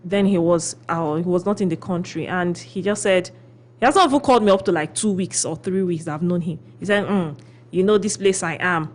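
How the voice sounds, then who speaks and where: Animated woman giving radio relationship advice. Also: fairly low pitch, brisk. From Philippines. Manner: animated storyteller, acts out quotes; often adds "okay?" to check in. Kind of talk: radio talk show advice.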